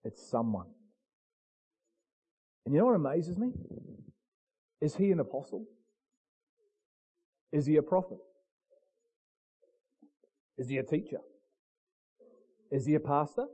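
High, dark-toned preaching man. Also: lively intonation, slow pace, pauses often, slightly rough, poor audio. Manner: preaching with dramatic swings from low murmur to shouting. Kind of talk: sermon.

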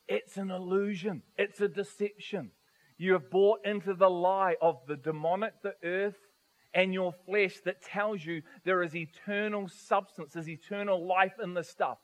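A man preaching a sermon to his congregation, animated, asking rhetorical questions and swinging from soft to loud. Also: high-pitched, a little slow, rough recording. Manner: animated, rhetorical questions, varies volume widely.

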